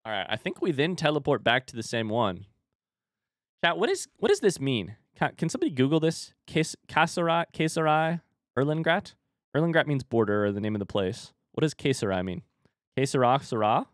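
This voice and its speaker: A man's voice: medium pitch, expressive, a little fast, no echo, clean studio sound. Chatty young man streaming a game. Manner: chatty, talks to chat, swears casually. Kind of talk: casual live-stream gaming commentary.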